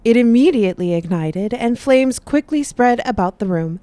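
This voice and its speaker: A woman narrating a Western space audio drama in a measured announcer delivery. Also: a little high, expressive, mellow, no room sound. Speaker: narrator and newsreader. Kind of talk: scripted radio-drama narration.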